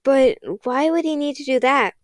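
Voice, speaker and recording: A woman's voice: high-pitched, moderate pace, dry recording, studio quality, pitched above the performer's own voice, lightly acted. Woman voicing an earnest brave boy. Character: brave determined boy leader.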